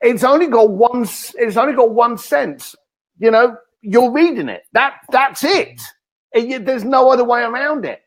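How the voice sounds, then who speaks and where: A man, a guest author in an interview, telling energetic stories and acting out the lines he quotes. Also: very high-pitched, moderate pace. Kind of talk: animated interview talk.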